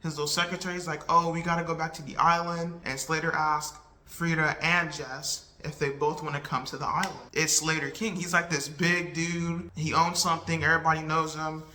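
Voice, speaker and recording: A woman's voice: sits low, steady tone, moderate pace, hardly any pauses, sharp tone, echoey room, a little hiss or hum. A woman casually retelling a movie plot in a rambling, chatty way, losing track and correcting herself as she goes. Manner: rambling and chatty, full of "like" and "right?"; loses track and corrects herself mid-story. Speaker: vlogger reviewing a movie. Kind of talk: casual spoken movie recap.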